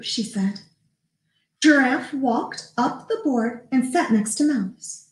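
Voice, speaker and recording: A woman reads a picture book aloud to young listeners, taking her time over each line and slipping into lively voices for the animals. Her voice sits a little high. The room around her gives it a noticeable echo. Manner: animated, does character voices, pauses to talk to kids. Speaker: children's librarian. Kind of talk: storybook read-aloud. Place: library room. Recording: echoey room.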